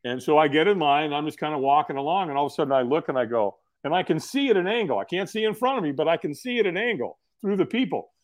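A man with a high, bouncing voice tells a story as a podcast guest. He talks in a casual, animated way, acts out what other people said, laughs often and swears freely. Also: fast, few pauses.

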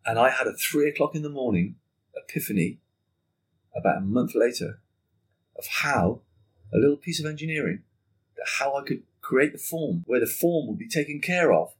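A man chats as a podcast guest with a husky, breathy edge to his voice at an ordinary middle pitch. He tells his story with energy, swears freely and slips into the voices of the people he quotes. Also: expressive, normal speed. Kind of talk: casual storytelling conversation.

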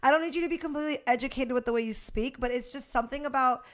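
A woman's voice: high-pitched, rapid-fire, fairly bright tone. A young woman co-hosting a podcast in casual chat, talking bluntly and frankly with a lot of swearing. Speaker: podcast co-host.

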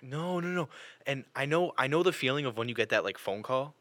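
A young man hosting a podcast, telling personal stories in casual chat, animated and full of fillers and restarts. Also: mid-range voice, fast, no echo. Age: young adult. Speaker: podcast host.

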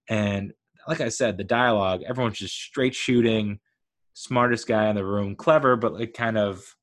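A man giving a casual, rambling spoken review of a TV show, enthusiastic and full of fillers like "uh" and "like". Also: on the low side.

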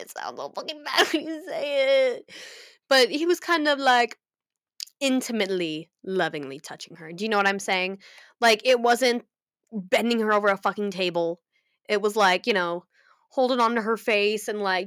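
Young woman, mid-pitched, chatty and animated, swears freely, dry close sound. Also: dry recording. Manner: animated and profane, with many fillers and laughs. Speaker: fan fiction recapper. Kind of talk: casual chat.

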